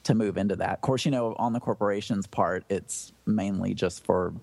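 A man's voice: on the low side, moderate pace, vocal fry, darkish tone, dry recording. A man on a podcast chatting and reading a news story aloud, with self-conscious asides. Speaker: podcast panelist.

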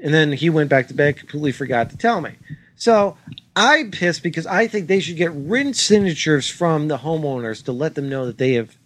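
A man co-hosting a comedy podcast, telling a story in an exasperated, swearing, animated way. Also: on the high side, a little fast, no echo. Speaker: podcast co-host. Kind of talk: casual chat, ranting story.

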